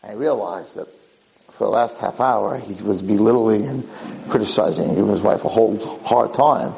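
A man giving a Torah lecture, telling a story in a lively, animated way, acting out the people in it. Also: normal speed, vocal fry, a little hiss or hum, rough recording. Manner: animated, acts out yelling characters in high pitch. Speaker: rabbi lecturer.

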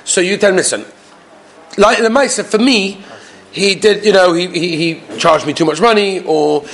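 A man teaching a Torah lesson to a class, animated and quizzing his students. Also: sits high, normal speed, slight background noise. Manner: animated, asks the class questions.

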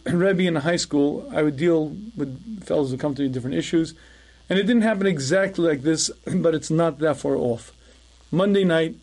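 A middle-aged man, a rabbi, giving a recorded lecture in a conversational storytelling way, often clearing his throat. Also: on the high side, darkish tone.

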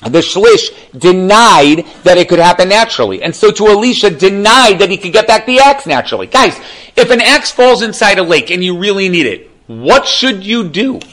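A man teaching a religious class in a relaxed, conversational way. He tells stories with animated emphasis and keeps turning to his listeners for agreement. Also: high-pitched, moderate pace, rough recording. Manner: chatty, animated, checks in with listeners. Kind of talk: casual storytelling lesson.

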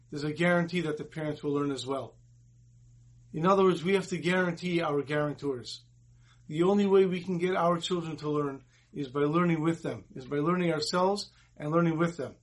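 Husky man giving a storytelling sermon. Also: a little high. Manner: earnest, retells dialogue in the story. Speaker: rabbi giving a Torah talk.

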